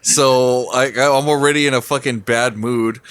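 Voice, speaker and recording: A man's voice: medium pitch, steady tone, a little slow, a bit bright, clear, resonant tone, no room sound. A man co-hosting a casual drinking podcast, telling a story full of swearing and laughter. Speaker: podcast co-host. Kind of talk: casual drinking-show chat.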